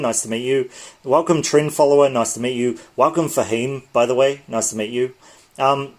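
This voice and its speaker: A man of middling pitch hosts a casual livestream, walking viewers through trading charts. He sounds tired and talks loosely, often stopping to correct himself. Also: darkish tone, breathy edge. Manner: chatty, loose, with frequent self-corrections. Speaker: crypto trading channel host.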